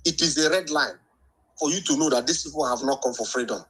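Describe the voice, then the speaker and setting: Husky man calling in emphatically. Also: a little high, quick pace, fairly bright tone, rough recording. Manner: emphatic, preachy, repeats "understand?". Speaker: caller. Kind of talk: heated call-in comments.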